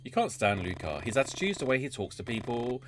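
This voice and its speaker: A man streaming a story game reads its narration aloud in an even voice, then breaks off into casual asides, chatting and swearing about what happens. His mid-range voice swings widely in pitch at a brisk pace, with game music playing and a noisy background.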